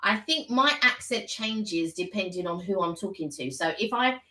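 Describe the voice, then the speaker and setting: A woman from the London area co-hosting a live stream, chatting casually in a loud, frank way. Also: mid-range voice, expressive, moderate pace, far from the mic. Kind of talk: casual chat. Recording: echoey room, a bit off mic.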